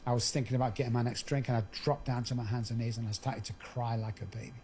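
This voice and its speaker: A man's voice: medium pitch, little pitch movement, quick pace, a little mellow, a little hiss or hum. A middle-aged man, a podcast guest, telling his own story candidly and earthily, acting out the dialogue.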